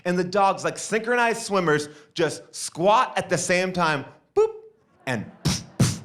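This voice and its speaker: A man's voice: sits high, lively intonation, measured pace, fairly bright tone. A man doing stand-up storytelling on a stage mic, acting out every character in his story. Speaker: stand-up comedian.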